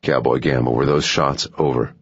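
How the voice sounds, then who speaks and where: A man voicing a gravelly-voiced Southern American gunman speaking curtly over a radio in an audiobook thriller. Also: extremely low pitch, fairly even intonation, moderate pace, lo-fi sound, voice pushed down, heavily acted. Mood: questioning. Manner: terse radio talk.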